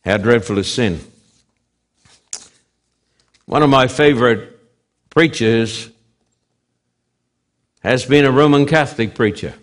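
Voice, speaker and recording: In his sermon, a mid-range-voiced preacher moves slowly and deliberately, repeating phrases while his volume rises to loud emphasis and falls to a hush.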